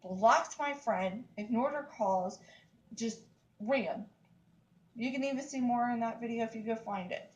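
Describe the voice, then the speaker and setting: The recording is rough, and her slightly high voice moves at a measured pace. A woman in her 30s vlogs casually, ranting upset to camera, emphatic and repetitive, with lots of "like, seriously."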